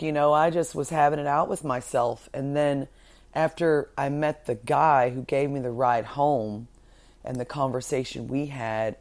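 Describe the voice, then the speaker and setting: A woman's voice: a bass voice, a little mellow. A woman hosting a spiritual podcast monologue, talking fervently and self-assuredly, swearing heavily and repeating words for emphasis. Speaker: podcast host.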